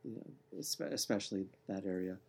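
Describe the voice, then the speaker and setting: A man co-hosting a sports podcast in casual chat, with a relaxed, joking, deadpan way of talking. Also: lowish voice, moderate pace, creaky, breathy edge. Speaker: podcast co-host.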